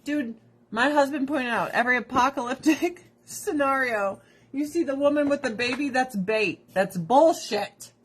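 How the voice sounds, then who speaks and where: A woman with a fairly high-pitched voice chats casually while trying skincare products she sells. She rambles, swears freely and laughs often, with blunt opinions. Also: moderate pace. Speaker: direct seller of skincare products.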